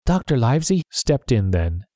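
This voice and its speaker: A man's voice: mid-range voice, sing-song, normal speed, dark tone, dry recording, clean studio sound. Man reading a storybook aloud. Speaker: narrator.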